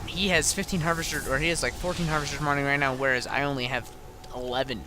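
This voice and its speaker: A man's voice: on the high side, fairly even intonation, noisy background. A tired man who has been up all night, casually talking through his own game replay with lots of ums and restarts. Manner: halting, many ums and restarts.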